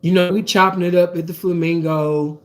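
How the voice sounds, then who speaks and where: A man telling a profane personal story in casual, animated chat, full of fillers. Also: high voice, moderate pace.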